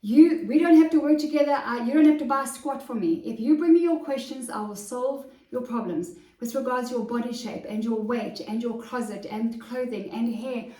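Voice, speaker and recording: An eager, chatty woman vlogs about fashion and talks straight to her viewer. Her voice sits a little high and sounds mellow. She is picked up from some distance in a roomy space. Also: moderate pace, hardly any pauses. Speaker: confidence coach. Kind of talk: casual fashion vlog. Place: her home closet.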